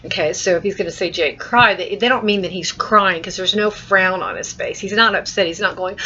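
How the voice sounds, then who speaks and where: A woman's voice: mid-range voice, animated, moderate pace, sharp tone, slight background noise. A woman teacher giving a recorded mini-lesson. She explains through everyday examples, repeats and restarts phrases as she thinks aloud, and reads sample lines to show expression. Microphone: laptop webcam mic. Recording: muffled lo-fi webcam recording.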